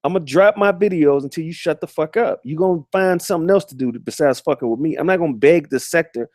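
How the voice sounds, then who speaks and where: Profane, high-voiced man ranting live. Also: quick pace, few pauses, a little mellow, dry recording, clean studio sound. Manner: profane, combative, mocking; repeats words and restarts often. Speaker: live-stream host. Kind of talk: live-stream rant.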